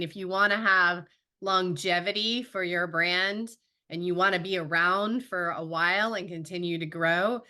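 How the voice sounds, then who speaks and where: A woman's voice: lowish voice, pushed and bright. A woman hosting a podcast interview in a friendly, affirming way. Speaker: podcast host.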